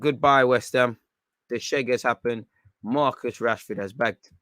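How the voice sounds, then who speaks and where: Excitable man calling a football match live. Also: mid-range voice, a little slow, no echo, clean studio sound. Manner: excitable, slangy banter with bursts of shouting at big chances. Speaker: football watchalong streamer. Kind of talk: live match reaction commentary.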